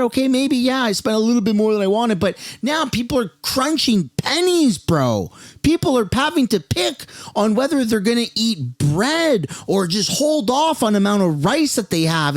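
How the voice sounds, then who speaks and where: A man's voice: very high voice, dry recording, clean studio sound. A man from Canada, a commentary host, ranting angrily and with lots of profanity about the state of the country. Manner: angry, profane, exasperated.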